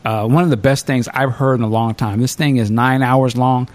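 A man hosting a casual podcast, spinning stories with lively energy and dropping curse words without a second thought. His voice sits at an everyday middle pitch, and his delivery stays loose and conversational. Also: moderate pace, no room sound. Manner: animated storyteller, swears freely. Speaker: podcast host.

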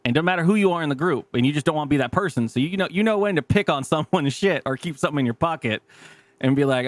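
A man's voice: a little high, animated, quick pace, dry recording. A man in his thirties co-hosting a podcast, telling profane stories in casual chat, acting out quotes and laughing often. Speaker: podcast co-host.

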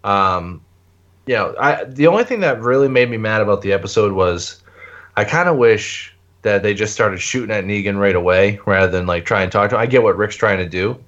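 A man's voice: lowish voice, brisk, fairly bright tone, dull audio. A man co-hosting a casual podcast chat about a TV show, laid-back, with frequent laughs and fillers. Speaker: podcast co-host.

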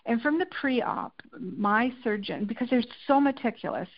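A woman being interviewed as a guest, telling personal stories in a candid, animated way and acting out the quotes. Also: on the high side, normal speed, highs cut off. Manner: animated, tells anecdotes with acted-out quotes. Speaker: interview guest, lifestyle and food editor. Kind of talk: candid conversational storytelling.

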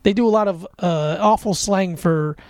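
A man's voice: sits high, moderate pace, a little mellow, smooth, dry recording, studio quality. A man co-hosting a podcast in casual chat, joking and teasing. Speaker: podcast co-host.

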